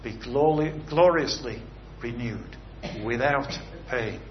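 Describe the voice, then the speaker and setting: A man's voice: mid-range voice, slow pace. A man preaching an earnest sermon that moves into a closing prayer, stressing his points with rhetorical questions. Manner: earnest, rising and falling emphasis with rhetorical questions. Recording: slightly dull recording with faint background hiss.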